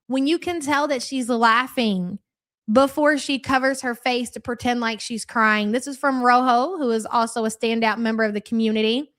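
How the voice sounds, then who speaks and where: Reading out comments from her viewers, this livestream host keeps up relaxed, chatty commentary laced with crude, profane ridicule. Her voice is a touch high and fairly bright, and she talks at a moderate pace.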